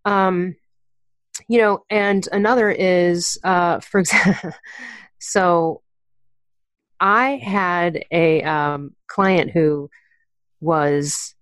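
A woman's voice: fairly low pitch, slow, pauses often, dry recording, clean studio sound. A woman speaking as an author and coach in a casual podcast conversation, candid and chatty, with slang and laughs as she talks.

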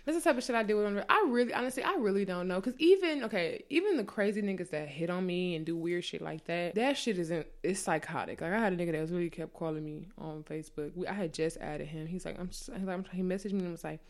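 A woman with a lowish voice talks fast, barely pausing, as she co-hosts a casual chat and tells dating stories. She's animated and swears a lot, acting out other people's lines in a raised voice.

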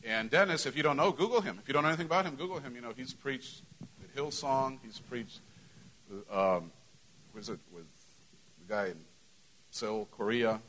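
A man's voice: medium pitch, lively intonation, moderate pace, pauses often, fairly bright tone, slight background noise, low-quality recording. A middle-aged man, a pastor, giving church announcements to his congregation in a conversational way, full of "you know" fillers. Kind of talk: church announcements and sermon opening. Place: church sanctuary.

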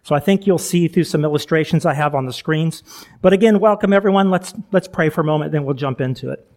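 A man's voice: a little high, quick pace, a little mellow. A middle-aged male pastor giving a chatty sermon, full of asides, laughing at himself and restarting sentences.

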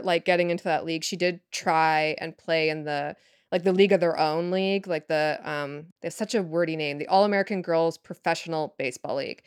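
A woman writer chatting as a podcast guest, thinking out loud with lots of fillers and restarts. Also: on the low side, smooth, no room sound, studio quality. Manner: rambling, filler-heavy, thinks aloud. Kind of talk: casual interview chat.

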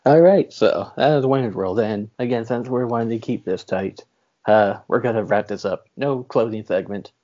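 A man's voice: lowish voice, moderate pace, mellow, highs cut off. A man hosting a casual movie podcast, talking in an easygoing way and wrapping up the episode. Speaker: podcast host. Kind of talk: casual chat.

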